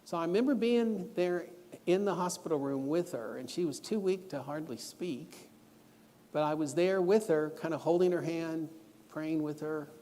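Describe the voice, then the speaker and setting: A man's voice: fairly high pitch, normal speed, warm tone. Earnest male preacher in a reverberant hall. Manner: earnest, storytelling, instructive. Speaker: guest preacher. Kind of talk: sermon lesson. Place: church auditorium. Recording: long church hall reverb.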